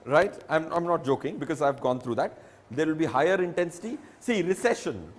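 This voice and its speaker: A man's voice: fairly high pitch, expressive, brisk. A man with an Indian English accent explaining personal finance emphatically, using examples. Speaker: financial advisor. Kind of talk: reassuring public talk.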